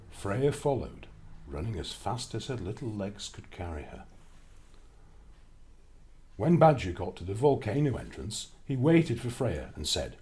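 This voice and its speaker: A man reads a children's storybook aloud in a fairly low voice. His pitch rises and falls a great deal, and his reading is expressive and lively. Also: unhurried.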